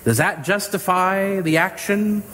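A male pastor giving a sermon with earnest, drawn-out emphasis. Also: high-pitched, a bit bright, slight background noise. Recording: reverberant hall with faint ambience.

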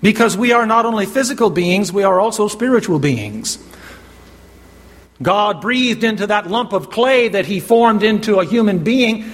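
A man with a high, animated voice preaches an emphatic sermon, quoting scripture and asking the congregation questions, then pausing for them to call out answers. The recording carries a long hall reverb.

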